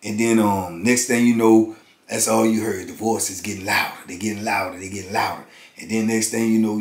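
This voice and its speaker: A man in his fifties telling a prison story in casual, animated talk. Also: on the low side, brisk, background noise. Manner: animated, acts out others' voices. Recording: roomy echo.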